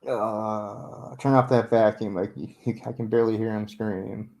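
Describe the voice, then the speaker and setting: A man's voice: on the low side, steady tone, unhurried, creaky, darkish tone. A young man chatting casually with viewers while he builds a model, joking at his own expense, swearing freely and laughing often. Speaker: livestreamer building a model ship. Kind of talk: casual late-night chat with viewers.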